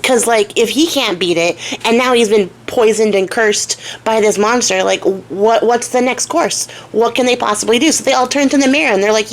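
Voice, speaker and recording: A woman's voice: a little high, normal speed, few pauses, slight background noise. A young woman telling a fairy tale in a casual, slangy way, with swearing and side comments. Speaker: storyteller and craft vlogger. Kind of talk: casual storytelling.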